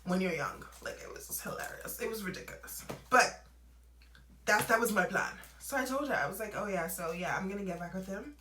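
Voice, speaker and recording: Bright animated young woman telling a story. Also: mid-range voice, fairly quick, a little hiss or hum. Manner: animated, laughing, acts out quotes. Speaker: vlogger. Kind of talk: casual storytime narration. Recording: roomy echo, away from mic.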